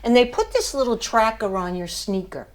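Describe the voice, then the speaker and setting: A woman's voice: a little high, very animated, moderate pace. An older woman giving a motivational speech to her class, telling a story with emphasis and laughing at herself. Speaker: student speaker.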